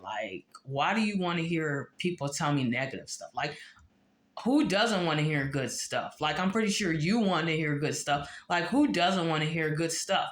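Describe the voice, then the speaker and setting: A woman's voice: low-pitched, a bit bright. A woman talking casually to the camera in a chatty vlog, leaning hard on fillers like "like". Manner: chatty, filler-heavy, repeats "like". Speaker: vlogger. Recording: echoey room.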